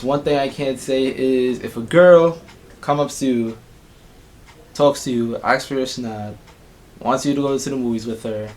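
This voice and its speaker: A young man tells a storytime on his vlog. He talks at a middle pitch, animated and swearing freely, jumping into the voices of everyone in the story. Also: a little hiss or hum. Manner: animated, profane, acts out the people in his story. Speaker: YouTuber.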